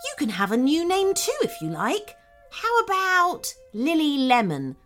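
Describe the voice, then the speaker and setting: A woman's voice: high voice, huge pitch swings, measured pace, a bit bright, faint music behind, pitched above the performer's own voice, heavily acted. A woman voicing a cheerful, giggly young princess girl in a children's story. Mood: playful. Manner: bubbly, laughing.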